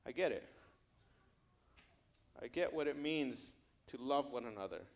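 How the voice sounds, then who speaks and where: A man's voice: medium pitch, animated, measured pace. A man playing Peter, a humble, outspoken fisherman disciple, confessing with stammering restarts.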